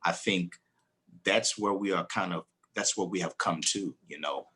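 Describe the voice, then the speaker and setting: A man who is a pastor, speaking on a panel in a halting, thoughtful way. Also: deep voice, sharp tone, slightly rough. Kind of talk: casual panel discussion.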